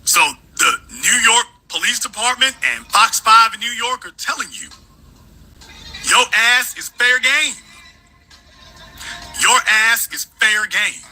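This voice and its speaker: Sarcastic, high-voiced male commentator. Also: slow, pauses often, bright, forceful tone, faint music behind, poor audio. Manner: emphatic, sarcastic, repeats lines for effect. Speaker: host. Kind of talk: political commentary.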